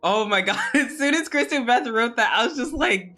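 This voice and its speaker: A young woman streaming live, her voice bright and forceful as she chats in a loose, giggly way. She laughs between lines and curses without a second thought, with soft music playing behind her. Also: high voice, very animated, slow pace, pauses often. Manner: giggly, laughs often, swears casually. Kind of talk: casual live-stream chat. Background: faint music.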